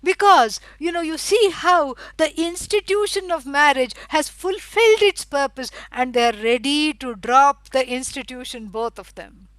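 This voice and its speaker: A middle-aged woman teaching a scripture lecture. She explains at length, fills pauses with "you know" and stresses words for emphasis. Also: sits high, a bit bright, no echo, poor audio. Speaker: Vedanta teacher.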